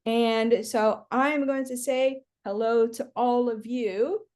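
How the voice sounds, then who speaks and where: A woman's voice: fairly high pitch, steady tone, slow, a little mellow. A woman working as a psychic medium, giving a chatty reading on a video call with many fillers. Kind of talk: live online reading.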